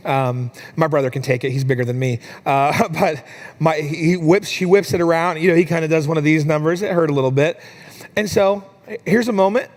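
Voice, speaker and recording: A young adult man preaching a sermon in a church, telling a family story with lively, animated delivery. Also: fairly high pitch, fairly quick. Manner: storytelling, animated when quoting his daughter. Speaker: pastor.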